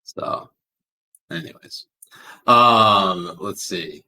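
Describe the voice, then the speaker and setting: A man's voice: low-pitched, very slow, sharp tone. A man co-hosting a casual podcast, swearing freely and reading out viewer questions in a loose, rambling way. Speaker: podcast co-host.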